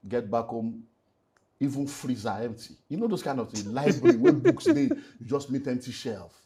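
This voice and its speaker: This middle-aged Nigerian man, a pastor who speaks about relationships, offers an emotional personal testimony in an interview at a normal speed and medium pitch. His storytelling is animated, laced with Nigerian Pidgin, and swings between loud and soft.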